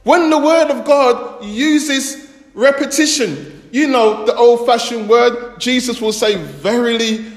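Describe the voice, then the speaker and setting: A male preacher with a very high voice delivers a sermon at an unhurried pace, leaning on deliberate repetition for emphasis. His voice rings out through a large echoey hall with a long reverb tail.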